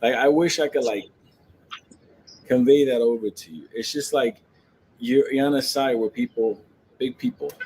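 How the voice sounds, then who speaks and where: A man holds forth in a loose, profane rant, joking and laughing as he talks about the market. His voice sits at an everyday middle pitch. A faint background hiss runs under the recording. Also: normal speed, pauses often, a little mellow, poor audio. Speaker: stock market commentator.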